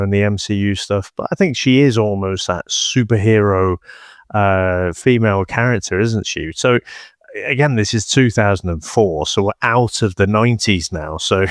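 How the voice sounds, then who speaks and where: A man with a fairly low voice, co-hosting a casual film podcast. He makes his points calmly and slips in dry, teasing jokes, and he sounds close to the mic with a dry, dead sound. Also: no echo. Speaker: podcast co-host. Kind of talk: casual film review chat.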